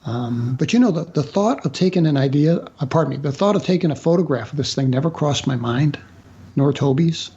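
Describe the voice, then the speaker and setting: A man telling a personal story as a guest author in a radio interview, halting with fillers and restarts. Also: a little high, animated, mellow, highs cut off.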